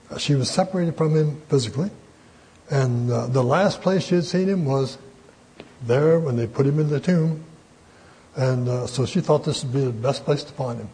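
An older man leads an informal Bible lesson in a slightly raised, mellow voice. He talks in a folksy, halting way, with frequent "uh"s and restarts as he works through the passage. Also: on the high side, slightly rough, rough recording. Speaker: Bible teacher. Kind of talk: informal Bible study teaching.

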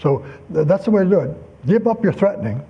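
A man's voice: sits high, lively intonation, brisk, slightly rough, muffled recording. An older man teaching a Bible lesson in a folksy, conversational way, full of asides and personal anecdotes. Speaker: preacher.

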